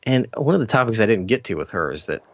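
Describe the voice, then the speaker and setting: A man's voice: lowish voice, big pitch swings, quick pace, no echo. A man, a podcast host, chatting and teasing his friend in a casual way. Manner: teasing, talkative. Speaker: triathlon podcast host, guest here. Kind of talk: casual chat. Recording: dull lo-fi line with faint noise.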